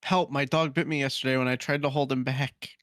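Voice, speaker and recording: A man's voice: mid-range voice, steady tone, fairly quick, a bit bright, no echo, clean studio sound. A man hosting a casual gaming podcast, reading forum posts aloud with laughing asides. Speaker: podcast host.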